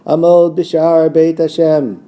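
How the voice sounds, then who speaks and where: A male teacher giving a recorded lesson on a biblical text, reading Hebrew verses slowly and translating them line by line. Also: little pitch movement, mellow. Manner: rises in pitch when quoting the false prophets' words.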